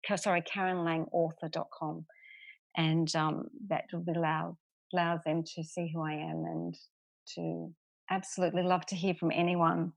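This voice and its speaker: A woman's voice: on the low side, level tone, normal speed, creaky, no room sound, low-quality recording. An Australian woman being interviewed as an author, chatting in a friendly way with lots of "um"s. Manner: friendly, laughs often, many fillers. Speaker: guest author. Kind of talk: casual interview chat.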